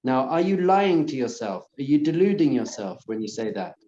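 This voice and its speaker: A man, a rabbi, giving an earnest class to a live audience and softly repeating calming phrases. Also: medium pitch, moderate pace. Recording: muffled, echoey room.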